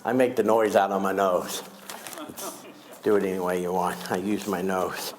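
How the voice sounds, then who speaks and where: A man's voice: low-pitched, steady tone, moderate pace, background noise. A man performing comedic magic on a school stage, teasing his young volunteers with wisecracks. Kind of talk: comedic magic show patter.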